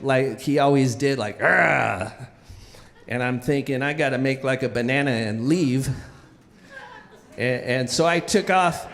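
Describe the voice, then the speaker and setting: A man telling a personal story in a lively, comic way, acting out the moments with sound effects. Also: high-pitched, long reverb tail.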